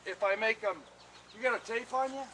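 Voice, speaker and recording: An older man and retired pitcher, an interviewee who tells casual stories in an animated way and acts out what other people said. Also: a little fast, noisy background. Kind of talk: casual anecdotal storytelling. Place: home bat workshop.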